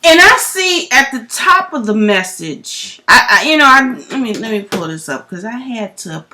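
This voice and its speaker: Loud, profane woman ranting. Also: on the high side, sing-song, moderate pace. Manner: loud, profane, emphatic rhetorical questions. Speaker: vlogger. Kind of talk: ranting storytime vlog.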